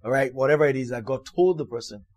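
A man preaching a sermon, reading Bible verses aloud and explaining them in an emphatic way, often repeating words and building to loud exclamations. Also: medium pitch, fast.

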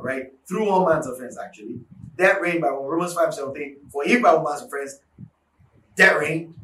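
A high-pitched man delivers a fiery sermon, repeating key lines for force and rising into shouts. He sounds set back from the mic in an echoing space, with a faint hum of noise underneath. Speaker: preacher. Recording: echoey room, mic at a distance, faint background noise.

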